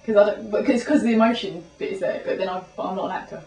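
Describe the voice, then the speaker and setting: A woman's voice: medium pitch, racing, mellow. A young woman, a student, chatting casually and rambling nervously with many restarts. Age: young adult. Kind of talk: casual chat. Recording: echoey room, mic far off.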